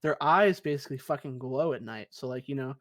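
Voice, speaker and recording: A man's voice: mid-range voice, a little fast, fairly bright tone, no room sound. A young man co-hosting a podcast, chatting casually from his basement, cursing freely and calling everyone dude. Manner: laid-back, swears a lot, says dude. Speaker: podcast co-host. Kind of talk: casual chat. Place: basement room.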